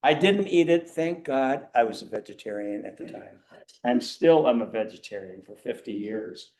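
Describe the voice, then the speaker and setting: An older man giving an animated, self-mocking storytelling talk to a church audience. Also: medium pitch, normal speed. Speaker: guest speaker.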